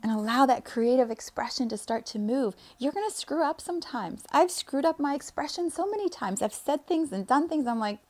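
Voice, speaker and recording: A young woman, a spiritual coach, giving an earnest motivational monologue, laughing often and sometimes dropping to a soft whisper. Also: high-pitched, lively intonation, a little fast, hardly any pauses.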